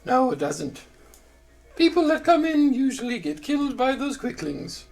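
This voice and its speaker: A game master voicing a forgetful, whiskey-loving male balloonist in the fey realm, rambling with hard breathy H sounds and much dithering. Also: sits high, sing-song, moderate pace, darkish tone, faint music behind, exaggerated voice. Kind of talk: voicing a character in a tabletop game.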